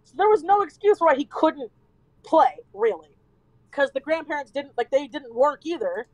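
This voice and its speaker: A woman streamer telling a story in casual chat, animated and swearing freely. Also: high voice, normal speed, dry recording, poor audio.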